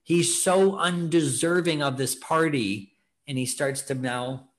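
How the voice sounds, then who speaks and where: A man's voice: on the high side, slow. A man hosting a faith podcast, preaching in an earnest, exhorting way and acting out the thoughts of people in the story. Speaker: podcast host teaching on scripture. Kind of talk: preaching talk, casual.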